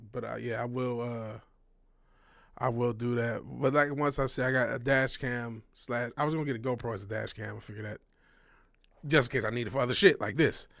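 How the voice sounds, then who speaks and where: A man's voice: mid-range voice, vocal fry, dry recording, clean studio sound. Rambling, frank man chatting on a stream. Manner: rambling, frank, swears often, restarts a lot. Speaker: livestream host. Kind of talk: casual livestream chat.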